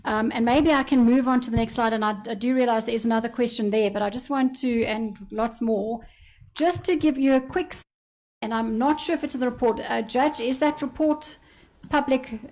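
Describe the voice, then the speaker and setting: A woman moderates a panel at a live event, talking briskly and conversationally. Her voice sits somewhat high. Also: a little mellow, slight background noise.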